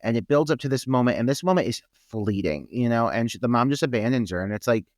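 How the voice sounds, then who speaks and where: A man's voice: mid-range voice, animated, fast, dry recording, studio quality. A man co-hosting a podcast, giving laid-back, profane opinions on a film. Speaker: podcast co-host. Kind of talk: casual film discussion.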